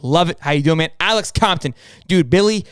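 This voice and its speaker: A young man co-hosting a live sports podcast, talking fast and hyped with plenty of slang. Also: on the high side, animated, smooth, no echo, clean studio sound. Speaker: podcast co-host.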